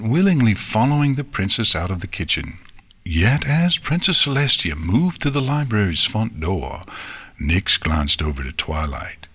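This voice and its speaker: Male audiobook narrator, smooth storyteller, bright, husky tone, lively pitch. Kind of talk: audiobook reading.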